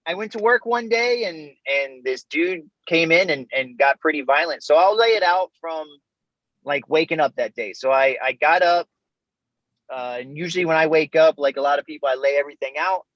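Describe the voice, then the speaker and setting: High-voiced chatty man on dull dry call audio. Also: animated, normal speed, a bit bright, no echo. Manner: easygoing and chatty, laughs often, says man and bro. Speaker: interview guest, Army veteran. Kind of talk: casual storytelling in an interview.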